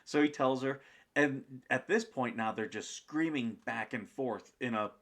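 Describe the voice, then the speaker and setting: A man tells a story as a podcast guest, slipping into the voices of the people he met. He talks casually and keeps stopping for fillers. His voice sits at an ordinary middle pitch for a man. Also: measured pace, fairly bright tone. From United States.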